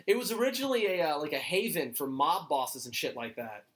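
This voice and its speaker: A man's voice: fairly high pitch, very animated, fairly quick, a bit bright. A man from Georgia co-hosting a casual podcast chat, telling stories with frequent laughs and swearing. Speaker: podcast co-host.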